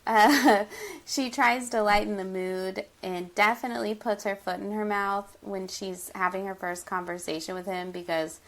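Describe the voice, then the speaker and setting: A woman's voice: mid-range voice, fairly even intonation, normal speed, a bit bright. An American woman co-hosting a casual movie-review podcast, laughing often as she talks. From United States. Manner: giggly, often laughing mid-sentence. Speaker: podcast co-host.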